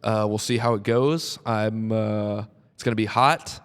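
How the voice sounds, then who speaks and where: A man's voice: on the low side, fairly even intonation, measured pace, clean tone, big-room sound. A young man guesting on a comedy podcast, chatting casually with lots of filler words and jokey asides. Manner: chatty, full of likes, puts on voices when quoting himself. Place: podcast room at a comedy club.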